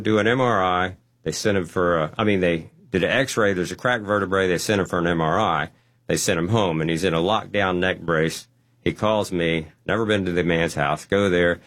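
A man telling a personal testimony story, animated and acting out the quotes. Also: low-pitched. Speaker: guest.

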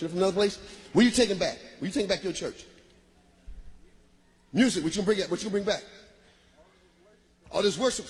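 A man from Michigan doing stand-up comedy, loud and shouting his punchlines while laughing through the bits. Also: high voice, breathy edge.

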